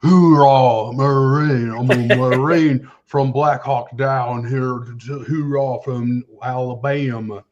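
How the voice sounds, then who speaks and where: A man's voice: medium pitch, fairly even intonation, measured pace, hardly any pauses, dark tone, lightly acted. A man putting on a clumsy American Marine voice, as a British actor faking the accent, exaggerated and mocking, in a dull lo-fi recording. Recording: dull lo-fi sound.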